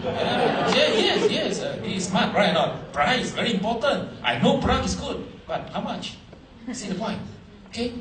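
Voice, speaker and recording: A man's voice: high voice, a bit bright, slight background noise. A man giving a sales seminar talk to a live audience, questioning the crowd and repeating his points for emphasis. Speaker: motivational speaker. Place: large hall with an audience. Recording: echoey hall, recorded from far off.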